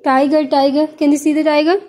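A woman's voice: high voice, level tone, a little mellow. A young mother patiently teaching her toddler animal names, praising and prompting with questions. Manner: slow, coaxing, praising, asks prompting questions.

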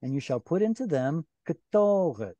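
A man's voice: fairly high pitch, big pitch swings, moderate pace, warm tone, no room sound. A man teaching a Bible Hebrew class online, explaining grammar patiently and step by step with questions to his students. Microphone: video call.

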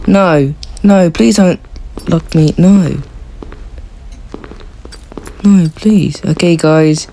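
A woman giving excitable, casual commentary while playing a horror game, yelping, laughing and talking to her teammates. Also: lowish voice, very slow, long pauses. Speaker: gaming video creator.

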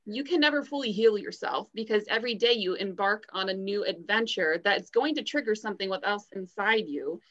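A woman's voice: mid-range voice, fairly quick, hardly any pauses, a bit bright. A woman, a podcast guest, giving earnest and encouraging advice in casual talk. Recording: dull lo-fi sound.

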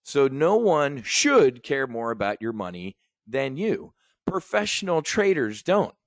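A middle-aged man talks straight to his audience in a brash, swaggering sales pitch, full of profanity and war stories from the trading floor. His voice sits at an ordinary pitch. The sound is dry and close, with no room echo. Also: big pitch swings, measured pace. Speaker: trading educator and host. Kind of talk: animated sales pitch monologue.

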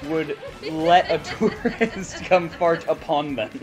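A man with a slightly high voice jokes along during a kart race, his remarks dry and teasing. Music plays clearly behind him. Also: slow pace. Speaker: co-player. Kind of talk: casual gaming commentary.

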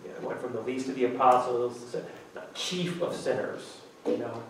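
A man preaching a sermon as pastor, lively and acting out quotes with sudden jumps in pitch. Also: moderate pace, a little hiss or hum. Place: church sanctuary. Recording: echoey church hall, mic from a distance.

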